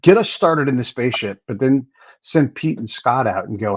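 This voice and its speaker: A man hosting a casual interview, talking in an animated way and acting out what others would say. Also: medium pitch, moderate pace, dry recording, highs cut off. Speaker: podcast host.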